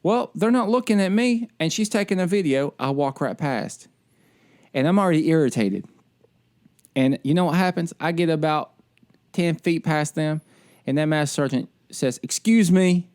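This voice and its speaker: Man, podcast co-host, animated rant, somewhat high-pitched. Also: normal speed. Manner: animated ranting storyteller. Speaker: military service member. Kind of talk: casual podcast chat.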